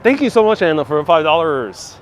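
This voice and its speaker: A man's voice: a little high, sing-song, brisk, a little hiss or hum. Chatty man hosting a street live stream. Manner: chatty, reads out and answers viewer comments, laughs often. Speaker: live-stream walking tour host. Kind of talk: casual live-stream chat. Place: city streets outdoors. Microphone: wireless clip-on mic with phone on gimbal.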